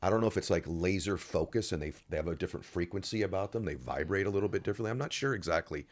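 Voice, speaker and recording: A male podcast host with a very low voice who talks at a rapid clip. He is enthusiastic and keeps affirming his guest. His questions come in quick, energetic bursts. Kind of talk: casual interview.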